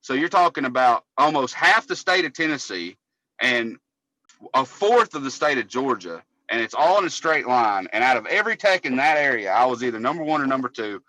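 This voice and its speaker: A man's voice: mid-range voice, sing-song, a little fast, sharp tone, dry recording, poor audio. A man, co-hosting a casual podcast and telling long, profane stories. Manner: profane, rambling storyteller. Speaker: podcast co-host, cable technician.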